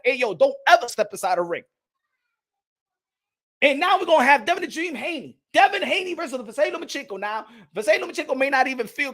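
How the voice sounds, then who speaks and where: Boxing vlog host, man with a high pitched voice, heated profane rant with shouty bursts. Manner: repeats phrases, laughs at own points. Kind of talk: casual boxing commentary vlog.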